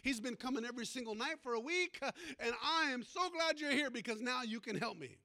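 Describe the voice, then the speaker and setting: A man's voice: very high voice, brisk, full character voice. A male preacher voicing a frightened man who pleads desperately for help in a sermon story. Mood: eager. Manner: excited, pleading.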